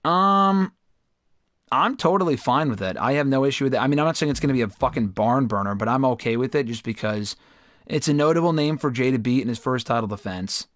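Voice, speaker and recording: A man's voice: medium pitch, quick pace, no room sound, studio quality. A young man hosting a game livestream, chatting casually with viewers and swearing in frustration at the game. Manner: chatty, profane, erupts into loud frustrated outbursts. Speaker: gaming livestream host. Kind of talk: casual livestream commentary while playing.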